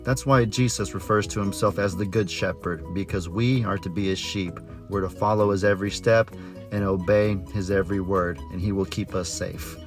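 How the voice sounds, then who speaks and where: A man's voice: sits low, steady tone, normal speed, music in the background. A man who is a farmer vlogger, telling a story in a chatty, folksy way with frequent self-corrections. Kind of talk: casual storytelling vlog.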